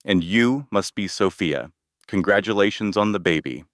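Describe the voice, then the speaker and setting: A man voicing a composed, confident young woman who speaks in a cool, steady way. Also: on the low side, normal speed, no echo, studio quality, lightly acted.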